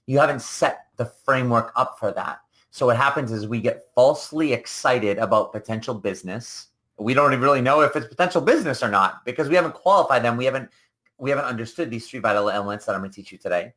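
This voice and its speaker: A man's voice: mid-range voice, quick pace, fairly bright tone. A man hosting a solo coaching podcast, talking casually and rambling, often acting out the people he quotes. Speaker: business coach and podcast host.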